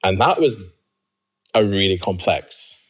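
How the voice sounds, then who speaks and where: A man telling his personal story as an interview guest, reflective and quick to laugh. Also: slightly rough. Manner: reflective, laughs often, rises high when excited.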